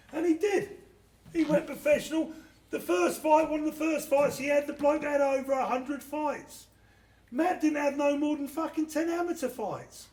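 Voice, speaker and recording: A man telling stories in a casual interview, blunt and animated, swearing constantly. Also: very high-pitched. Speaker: interviewee, former doorman. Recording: echoey room.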